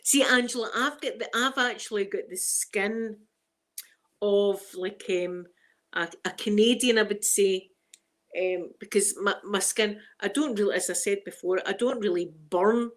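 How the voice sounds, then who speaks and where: Chatting casually with her viewers, this middle-aged Scottish ASMR livestream host laughs often and uses strong Scots phrasing in her Glaswegian accent. Her mid-range voice has a steady, fairly bright tone, and her pace is a little slow.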